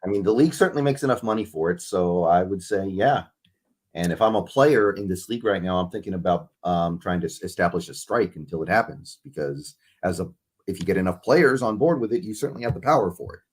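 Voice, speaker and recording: A man's voice: low-pitched, expressive, fast, slightly rough. A male guest on a sports show, giving laid-back, brief answers in casual talk over a video call. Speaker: guest player.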